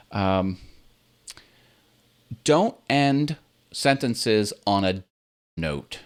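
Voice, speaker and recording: A relaxed man chats casually as he hosts his own video channel, sharing tips and acting out how a sentence should sound. His voice comes through a computer's built-in webcam in a home set full of toys and games. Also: on the low side, drawn-out words, pauses often. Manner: relaxed, chatty, demonstrates with own intonation. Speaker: YouTube channel host.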